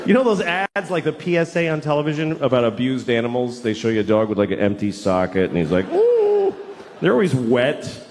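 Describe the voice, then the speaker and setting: A man in his forties performing a stand-up comedy routine, animated and dropping into exaggerated put-on voices. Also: mid-range voice, fast, hardly any pauses, slight background noise. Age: 40s. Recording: live show in a reverberant hall.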